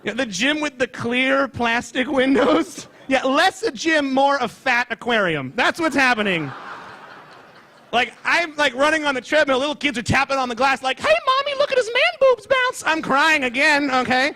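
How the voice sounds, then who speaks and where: A man doing a loud, excitable, self-mocking stand-up comedy set on stage before a live audience. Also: very high voice, moderate pace.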